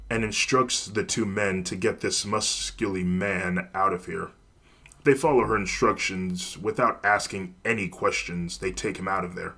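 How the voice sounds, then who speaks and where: A man narrating a fan story in a plain, even storytelling manner. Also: on the low side.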